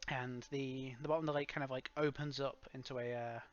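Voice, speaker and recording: Hesitant game master, dull lo-fi audio. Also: male voice, medium pitch, fairly even intonation, a little fast. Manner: rambling, hesitant, laughs often. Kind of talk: narrating a tabletop game over voice chat. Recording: dull lo-fi sound.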